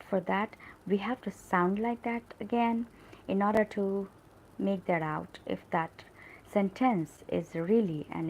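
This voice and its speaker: A woman's voice: medium pitch, gravelly, a little mellow, a little hiss or hum, rough recording. A woman teaching English grammar in a live stream. She explains step by step, keeps asking "right?", and acts out example sentences with emphasis.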